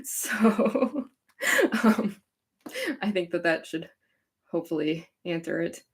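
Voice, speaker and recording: Young woman from chicago but sounds californian, valley girl vibe, giggles and rambles with tons of likes and ums, kinda low voice. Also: animated, slow pace. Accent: California-sounding American. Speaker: fanfic author hosting a live Q&A. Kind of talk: casual livestream chat.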